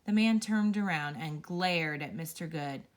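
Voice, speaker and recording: A woman reading a children's picture book aloud, telling it with playful, expressive storytelling. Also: low voice, measured pace. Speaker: storybook reader.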